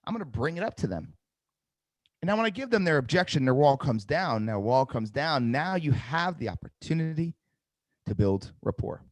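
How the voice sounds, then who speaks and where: A man's voice: fairly high pitch, moderate pace, no echo. Upbeat male trainer running a live webinar, dry mic, drills his points home. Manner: energetic, repeats key phrases, acts out sales calls with varied tonality. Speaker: sales trainer hosting a webinar.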